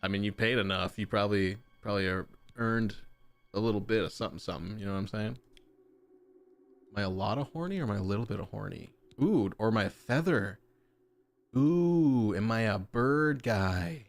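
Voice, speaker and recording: A man giving casual gameplay commentary as a streamer, chatty and breaking into excited oohs as he browses options. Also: on the low side, a little fast. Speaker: gaming streamer.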